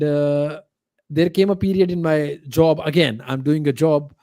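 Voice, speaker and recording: A man's voice: on the high side, mellow, no room sound. Man telling a heartfelt story. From India. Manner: halting, many fillers and restarts. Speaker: podcast guest. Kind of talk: emotional personal storytelling.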